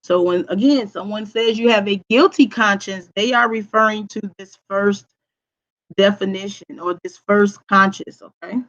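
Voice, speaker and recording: Lady teacher doing an online class, loud voice that carries, keeps asking okay?, mid pitch, kinda muffled audio. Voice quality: voice projects strongly. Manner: deliberate, repeats "okay?" to check understanding. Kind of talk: recorded online lesson with screen share.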